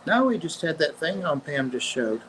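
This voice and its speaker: A man's voice: fairly high pitch, big pitch swings, normal speed, a crowd in the background, poor audio. A man in casual chat who tells rambling anecdotes full of asides.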